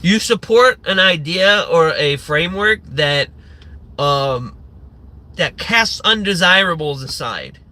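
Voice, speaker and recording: A man's voice: fairly high pitch, animated, takes it slowly, bright, forceful tone. A man hosting a livestream, ranting in a sarcastic, profane and rambling way, full of fillers and restarts. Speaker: livestream host.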